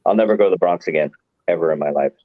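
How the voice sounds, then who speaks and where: A man's voice: sits low, very fast, no echo. A man hosting a casual livestream chat, rambling along and chuckling often. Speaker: livestream host. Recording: dull, muffled stream audio.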